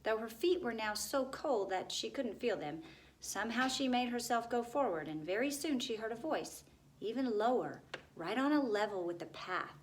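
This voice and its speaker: A woman reading a children's chapter book aloud in a steady, expressive way. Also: on the high side, moderate pace, a little hiss or hum, rough recording. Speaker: narrator.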